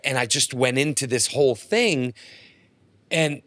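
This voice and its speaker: A man's voice: medium pitch, moderate pace, no room sound, studio quality. A middle-aged man telling stories as a podcast guest, acting out the dialogue in them. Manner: animated storyteller acting out dialogue. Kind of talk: casual storytelling.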